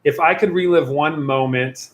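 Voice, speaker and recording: Youth pastor guy chatting on a stream, kinda high voice, rambly, echoey room. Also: normal speed. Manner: rambling, chatty, self-interrupting. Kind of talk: casual livestream Q&A. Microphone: computer or phone mic on a video stream.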